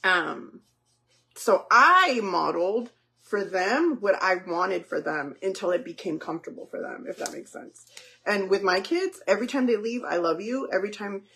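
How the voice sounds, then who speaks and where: A woman's voice: mid-range voice, lively intonation, moderate pace, creaky, bright, forceful tone, slight background noise. A woman and mother chatting casually with her viewers while making dinner, talking directly to them with lots of fillers. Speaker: livestream host and mother. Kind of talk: casual chat while cooking.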